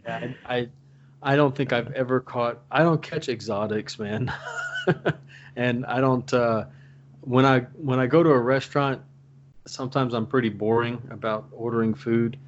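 A man in casual chat, telling stories in an animated way and laughing often. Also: medium pitch, moderate pace, highs cut off, slight background noise.

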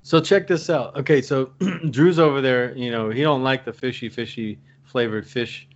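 A man in casual chat, telling stories in an animated way and laughing often. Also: medium pitch, normal speed, highs cut off.

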